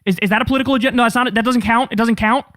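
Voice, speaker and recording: Profane, sarcastic male commentator, high pitch, close dry mic. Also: steady tone, very fast, fairly bright tone, no echo. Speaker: political commentary host. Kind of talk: angry political commentary reacting to clips.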